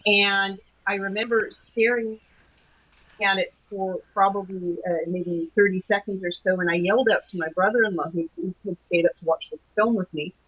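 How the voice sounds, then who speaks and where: A middle-aged woman recounting a strange night in an interview, her voice slightly husky and breathy. She hesitates, fills pauses and restarts her sentences as she goes. The sound is muffled and lo-fi, like a remote call. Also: mid-range voice, fairly even intonation, a bit bright. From Canada. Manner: hesitant, many restarts and fillers. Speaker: guest, anomalies researcher. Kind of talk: recounting a personal experience in an interview. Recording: dull lo-fi call audio.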